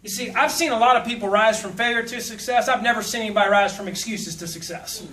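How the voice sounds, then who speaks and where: A man's voice: sits high, fast, bright, forceful tone. A man from South Louisiana, giving a folksy, humorous motivational speech and telling stories. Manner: folksy, humorous, puts on voices when quoting. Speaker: motivational speaker. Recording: echoey hall from far off.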